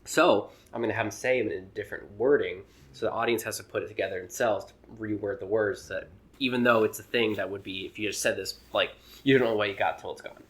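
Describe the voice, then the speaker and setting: A man's voice: lowish voice, fast, few pauses. A man in casual podcast chat, an amateur comedian who rambles and acts out voices when retelling jokes.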